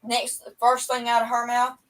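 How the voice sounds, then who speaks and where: A middle-aged woman livestreams from home over a webcam, chatting to viewers in a rambling, folksy way. Her voice is on the high side, monotone and fairly bright, at a moderate pace. She sounds a bit far from the mic.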